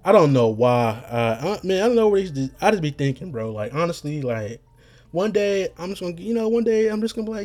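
A hoarse young man hosts a podcast, rambling in slangy, profane talk full of restarts. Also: on the high side, very animated, fast, mellow. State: getting hoarse. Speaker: podcast host. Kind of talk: rambling casual monologue.

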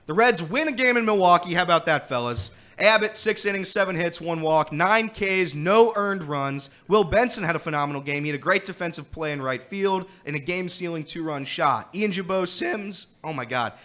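Guest-hosting a casual sports talk show, a man tells animated stories, laughs often and complains about a throat thing. His voice is high, at normal speed, with hardly any pauses.

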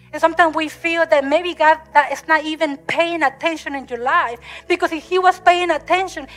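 Woman preacher, high and bright, English, repetitive emotional sermon cadence, faint music under. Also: poor audio.

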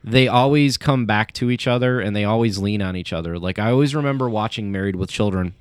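A man's voice: on the low side, fast, clean tone, dry recording, studio quality. A man chatting casually on a podcast, rambling with many fillers and restarts as he tells stories. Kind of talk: casual chat.

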